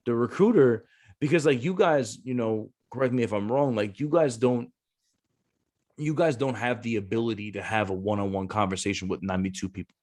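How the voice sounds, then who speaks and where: A man's voice: mid-range voice, darkish tone. A man, a Marine gunnery sergeant and former recruiter, talking casually on a podcast, blunt and cursing freely as he acts out the voices in his stories.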